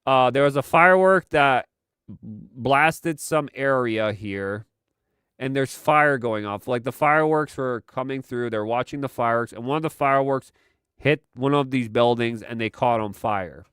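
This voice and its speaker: Male stream host, slow and sarcastic, smooth clear voice, dry close sound. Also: medium pitch, a bit bright, no room sound. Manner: sarcastic, exasperated. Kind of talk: live commentary stream.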